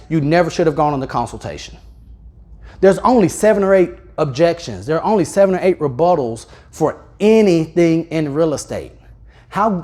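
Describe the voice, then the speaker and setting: Energetic man teaching a live seminar. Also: high-pitched. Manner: energetic, speeds up and slows down, louder and softer on purpose; addresses the audience directly with questions. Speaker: real estate sales trainer. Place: training room with a live audience.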